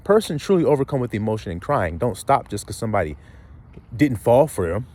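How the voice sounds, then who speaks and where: A man's voice: medium pitch, big pitch swings, fairly quick, a little mellow. Guy preaching, swears a lot, voice swoops up and down, hits the crowd with questions. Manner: blunt, profane street preaching with rhetorical questions. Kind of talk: sermon.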